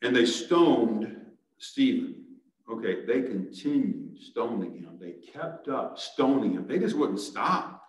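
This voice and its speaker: A man's voice: mid-range voice, expressive, slow. Male pastor, earnest sermon, roomy church echo, set back from the mic. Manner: earnest, rising to urgent exhortation. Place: church sanctuary. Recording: echoey church sanctuary, mic at a distance.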